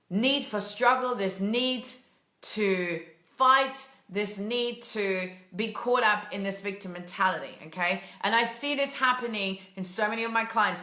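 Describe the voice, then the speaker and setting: A woman's voice: fairly high pitch, sharp tone, reverberant. A woman mindset coach giving a casual, emphatic motivational talk and acting out complaining voices. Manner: casual, emphatic, acts out whiny quotes.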